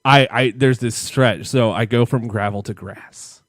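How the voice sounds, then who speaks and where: A man's voice: mid-range voice, fairly even intonation, measured pace, fairly bright tone, no echo, clean studio sound. A man co-hosting a podcast, telling a long, profane childhood story in a rambling way and laughing at himself. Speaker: podcast co-host. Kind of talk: casual storytelling chat.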